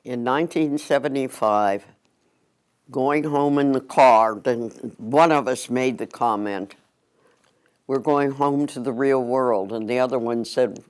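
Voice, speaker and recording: A man in his nineties, slowly and calmly recalling the past in an interview. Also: mid-range voice, clean tone. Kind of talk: reminiscing interview.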